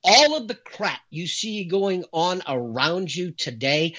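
This man's voice sits on the high side with a fairly bright tone. Hosting a talk show, he delivers an emphatic, dramatic, impassioned monologue, captured in a dull lo-fi recording.

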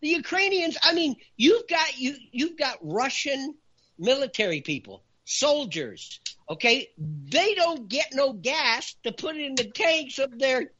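Emphatic man with a bright, lively voice. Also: very high voice, measured pace, lo-fi sound. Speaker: talk show guest. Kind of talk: animated opinion talk.

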